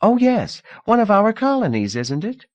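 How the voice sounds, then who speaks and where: A man's voice: high voice, huge pitch swings, normal speed, dry recording, pitched above the performer's own voice. A man putting on a gracious young hostess. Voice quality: bright, gracious, curious. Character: poised young woman, polite wealthy hostess.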